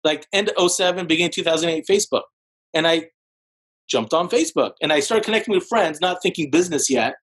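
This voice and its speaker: On a low-quality podcast recording, a real estate broker in his forties tells his story as a guest, talking fast in a casual, animated way. He leans heavily on fillers like "like" and jumps into higher voices when quoting people.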